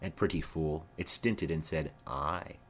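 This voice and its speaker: A man's voice: extremely low pitch, unhurried, breathy edge, pitched below the performer's own voice, heavily acted. A man reading the part of a garrulous old female nurse who rambles on with chatty asides.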